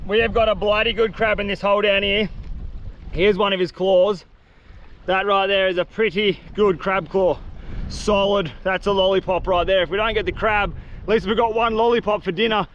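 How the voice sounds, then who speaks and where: A man filming himself outdoors in the mangroves, talking in excited, slang-heavy bursts straight to a handheld camera. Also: high-pitched, normal speed, lo-fi sound, a little hiss or hum. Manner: excited, breathless slang-filled chatter. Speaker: outdoor vlogger. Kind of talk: self-filmed outdoor vlog.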